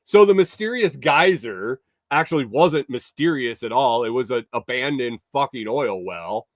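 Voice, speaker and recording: A man's voice: on the high side, dry recording. Sarcastic man riffing on news stories. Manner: sarcastic, rambling, swears, reads news aloud with asides. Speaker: livestream morning show host. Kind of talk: casual news commentary.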